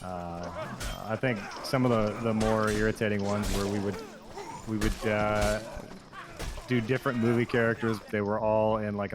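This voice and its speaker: A man who works as a voice actor, chatting casually and rambling a little while gaming. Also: lowish voice. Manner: relaxed, rambling with fillers. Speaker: voice actor guest on a stream. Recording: noticeable background noise.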